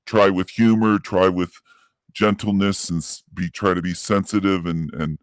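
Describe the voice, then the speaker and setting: A man giving a reflective, measured commentary monologue in an earnest, explaining tone. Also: low voice, fairly even intonation, dry recording, clean studio sound.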